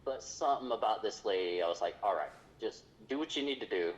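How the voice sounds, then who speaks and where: A man's voice: lowish voice, lively intonation, fast talker, muffled recording. A man, a podcast guest, earnestly telling a personal story in casual chat. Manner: earnest, retelling a story with quoted dialogue.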